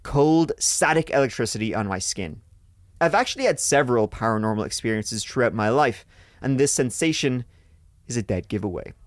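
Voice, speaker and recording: Here a podcast host reads out a ghost story sent in by a listener, his mid-range voice lively in intonation and moderate in pace. He keeps it casual, cursing often and cracking jokes between lines. The audio is dry and studio-clean.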